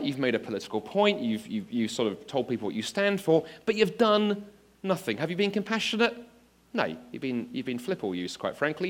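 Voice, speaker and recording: A man's voice: medium pitch, fairly bright tone. A man giving an earnest apologetics talk to an audience, addressing listeners directly with examples and rising to emphatic exclamations. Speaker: preacher. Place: speaking to an audience of students.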